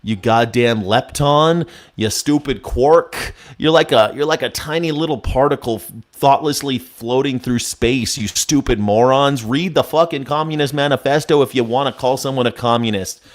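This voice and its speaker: A man's voice: medium pitch, moderate pace. A man hosting a casual political show, reacting to news clips with sarcastic, profane commentary and mock outrage. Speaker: host.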